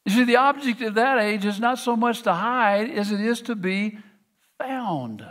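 A man's voice: high voice, lively intonation, unhurried, a bit bright. A middle-aged man preaching a sermon, earnest, often restarting with repeated words. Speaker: pastor.

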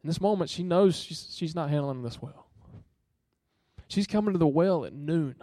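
A man's voice: on the high side, expressive, moderate pace, mellow, no room sound. A young man preaching a sermon in an earnest, conversational way, asking listeners direct questions.

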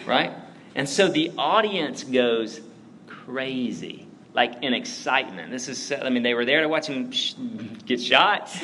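A man preaching a sermon, praying and then telling a story in a relaxed, chatty way, full of "like" and "right?". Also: medium pitch, a little hiss or hum, rough recording. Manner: conversational, lots of fillers like "like" and "right?". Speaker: pastor.

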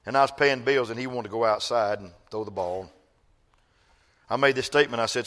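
An older man, a grandfather, preaching a sermon as pastor, swinging from loud exhortation to soft, slow storytelling. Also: lowish voice.

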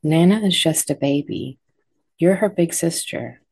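A woman's voice: low voice, a little slow, a little mellow, breathy edge, no echo, heavily acted. A woman voicing a strict mother of young girls who scolds firmly. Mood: harsh. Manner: firm, scolding.

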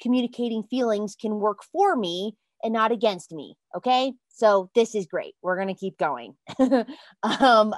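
A woman hosting a self-help podcast, giving a motivational talk in an earnest, emphatic way, calling her listeners "you guys" and bursting into excited exclamations. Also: medium pitch, no echo, studio quality.

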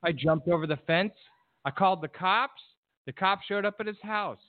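A podcast guest with a high-pitched voice talks bluntly and emphatically at a moderate pace in a casual discussion, swearing freely. The audio is dry and tinny, like a phone call.

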